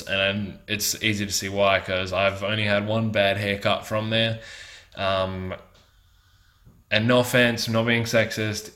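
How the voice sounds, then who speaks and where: A man's voice: lowish voice, sharp tone, slight background noise. A man in his twenties hosting a casual solo podcast, rambling and profane. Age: 20s. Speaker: podcast host.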